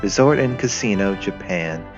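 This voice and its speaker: A man's voice: low voice, expressive, moderate pace. A man voicing a young female Soviet tank girl with a Russian accent, teasing, creepy and doting. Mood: cheerful. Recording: lo-fi with faint music.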